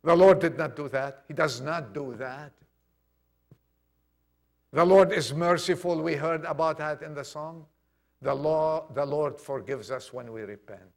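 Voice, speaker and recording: A male preacher delivers a sermon to his congregation in a high-pitched voice. He acts out quoted dialogue with feeling, rising to loud declarations and dropping to near hushes. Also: measured pace. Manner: impassioned, dramatic swings from loud to hushed. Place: church congregation.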